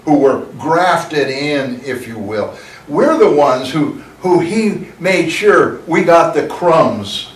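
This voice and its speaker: A man teaching a Bible lesson in a church, reading scripture slowly and emphatically, then explaining it in a conversational way with asides. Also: fairly high pitch, a little hiss or hum. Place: church room. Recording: echoey room, mic at a distance.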